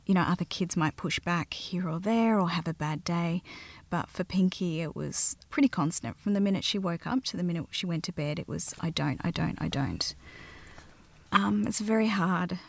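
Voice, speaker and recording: An Australian mother telling her own story in a soft, halting way that often drops to a near whisper. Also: lowish voice, vocal fry, no echo. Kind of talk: personal storytelling interview.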